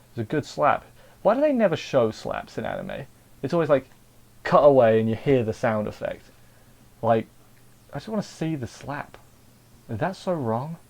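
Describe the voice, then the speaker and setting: English male reviewer, casual and rambling, mid-pitched, chatty with lots of restarts. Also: gravelly, a little mellow. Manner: rambling, chatty, self-interrupting. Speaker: anime reviewer.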